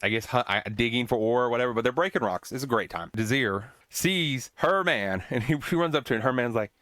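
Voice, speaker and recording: A man's voice: mid-range voice, fast talker, a bit bright, dry recording. A man hosting a podcast, recapping an old film in a casual, rambling way with swearing and joking asides. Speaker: podcast host.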